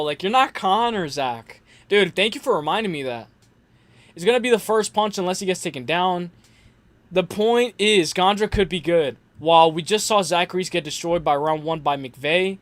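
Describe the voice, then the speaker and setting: A man's voice: high-pitched, no echo. A young man hosting a casual livestream, rambling in slangy talk full of fillers and restarts. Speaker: host.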